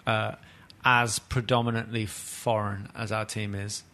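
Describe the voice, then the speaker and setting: A man's voice: lowish voice, little pitch movement, measured pace, bright, forceful tone. A man hosting a football podcast, chatting casually and bluntly, swearing freely and laughing as he talks. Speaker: podcast host.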